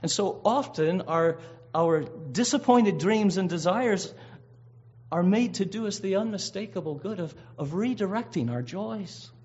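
A man's voice: high voice, lively intonation, measured pace, a little mellow. A man preaching a sermon, earnest and emphatic, drawing out key words and often restarting his phrases. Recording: dull lo-fi recording.

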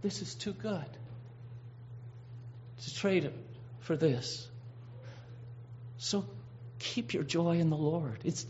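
Guy preaching, earnest, stretches out words, kinda high voice, muffled old recording. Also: a little mellow, slight background noise. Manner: earnest, emphatic, halting restarts, stretches key words. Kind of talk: sermon. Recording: dull lo-fi recording.

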